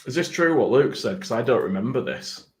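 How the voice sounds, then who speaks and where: A man's voice: medium pitch, animated, fairly quick, darkish tone. A man co-hosting a football podcast, telling stories with lots of swearing and laughter. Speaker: podcast co-host. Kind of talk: casual chat among mates.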